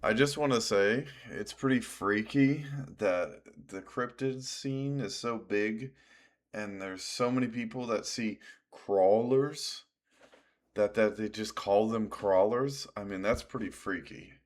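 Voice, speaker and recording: A man streaming a live reaction, excitable and blunt, swearing and laughing as he comments. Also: on the low side, slow.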